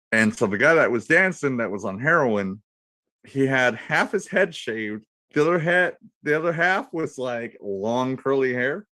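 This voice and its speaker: A man's voice: medium pitch, no room sound. A man in his thirties on a radio panel, telling a crude, rambling story full of swearing. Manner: profane, rambling, animated storyteller. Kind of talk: casual crude banter and storytelling.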